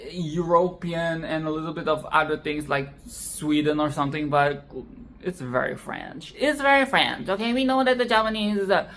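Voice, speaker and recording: A woman giving casual, expressive film commentary, swearing freely and repeating phrases for emphasis. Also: on the low side.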